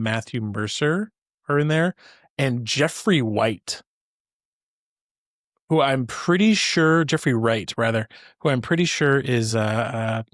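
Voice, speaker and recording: A man's voice: mid-range voice, dry recording, clean studio sound. A man hosting his own podcast alone, chatting casually and rambling with many fillers and restarts. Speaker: podcast host. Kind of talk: solo podcast chat.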